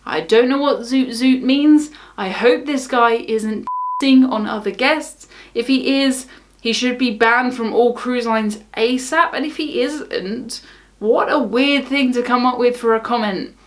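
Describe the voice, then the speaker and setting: A young woman from the south of England speaks in a casual, wry vlog style, shrugging off criticism. Her southern English accent is clear, and her voice sits slightly high. She sounds unbothered and easygoing. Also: a little slow, a little hiss or hum. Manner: wry, unbothered, laughs things off. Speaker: cruise vlogger. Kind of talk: casual talk to camera.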